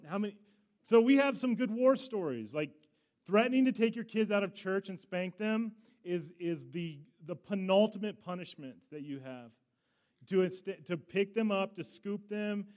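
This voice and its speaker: A man in middle age preaches from the front, telling a long family story with lively asides and bursts of laughter. His voice sits fairly high for a man, and he keeps the sermon casual and chatty. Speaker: pastor.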